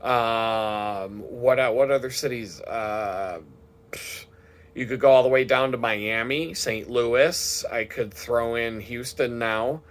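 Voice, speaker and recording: A man's voice: medium pitch, slow pace. A man talking casually in a rambling, profane vlog monologue, swearing freely as he tells his day. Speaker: vlogger.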